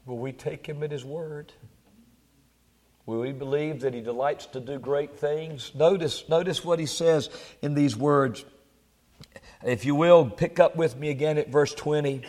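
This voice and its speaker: A male preacher delivering a sermon, swelling into loud emphatic peaks and dropping to a low, quiet tone. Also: unhurried, in a large hall.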